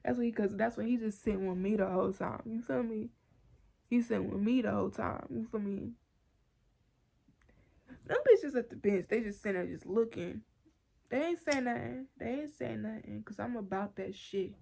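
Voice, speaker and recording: A young woman vlogger telling a storytime tale in animated, profane street slang while she smokes. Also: a little high, normal speed, creaky. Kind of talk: casual storytime vlog.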